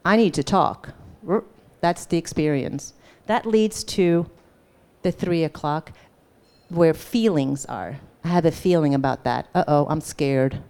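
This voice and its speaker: Lively woman teaching a live class. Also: sits low, measured pace. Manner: animated, acts out quoted dialogue; conversational, checks in with "right?". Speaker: workshop teacher.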